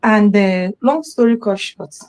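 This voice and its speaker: Speaking in a mid-range, unhurried voice, a middle-aged Nigerian woman shares a personal story as a guest on a live talk show. She's animated throughout, voicing the quoted words of other people.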